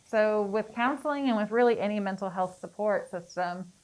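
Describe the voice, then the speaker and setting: A woman's voice: medium pitch, moderate pace, a little mellow, low-quality recording. A young adult woman working as a public health educator, speaking in an earnest, encouraging way in a panel discussion. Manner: earnest, encouraging, talking-point delivery.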